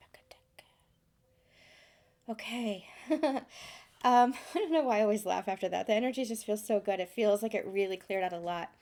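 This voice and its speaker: A woman speaking as a spiritual channeler, explaining her session in soft, flowing, repetitive phrases with frequent ums. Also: medium pitch. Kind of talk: spoken explanation after channeling.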